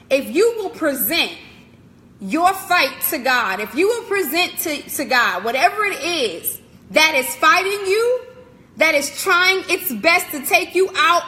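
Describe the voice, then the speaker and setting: Woman, inspirational speaker, high voice, emphatic repeating cadence, long reverb. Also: bright, forceful tone. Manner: emphatic, repetitive preaching cadence, direct address. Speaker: motivational speaker. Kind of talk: live-streamed inspirational message.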